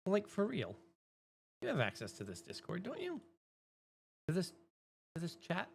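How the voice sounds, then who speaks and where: A middle-aged woman streaming live, chatting casually and breaking into loud exclamations. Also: fairly low pitch, sing-song, moderate pace, vocal fry, slight background noise.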